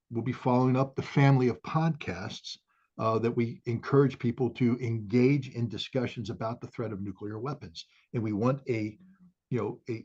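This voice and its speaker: Male guest, halting and filler-heavy, prone to fiery bursts; husky, muffled recording. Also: on the low side, a little mellow. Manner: halting, many fillers, swells into fiery outbursts. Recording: dull lo-fi audio.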